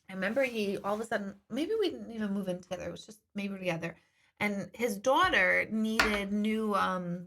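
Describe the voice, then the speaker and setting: A woman's voice: mid-range voice, bright, forceful tone. A middle-aged woman hosting a casual live stream, chatting candidly and reading viewer comments, with the occasional swear word.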